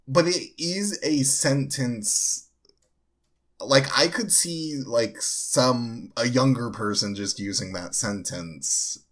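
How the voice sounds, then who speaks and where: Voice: mid-range voice, slow, a bit bright. A podcast co-host chatting casually, mostly giving brief, agreeable replies. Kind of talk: casual chat.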